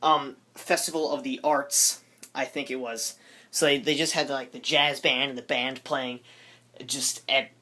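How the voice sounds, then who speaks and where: A man's voice: mid-range voice, fairly even intonation, measured pace, sharp tone. A teenage boy rambling in a goofy, jokey way for his vlog, interrupting himself often. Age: teens. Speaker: vlogger. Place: his room.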